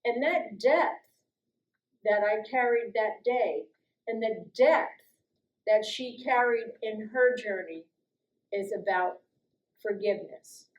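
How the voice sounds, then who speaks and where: A middle-aged woman from the US East Coast telling a personal story in a calm, deliberate way as a guest speaker. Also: highs cut off. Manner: slow, calm, deliberate, with soft low-voiced stretches. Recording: roomy echoey recording.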